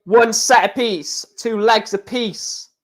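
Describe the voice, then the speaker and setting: A high-voiced man giving casual, chatty live reaction commentary. He talks straight to his viewers and bursts into excitement over big moments. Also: slow pace. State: hiccuping. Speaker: live stream host reacting to darts.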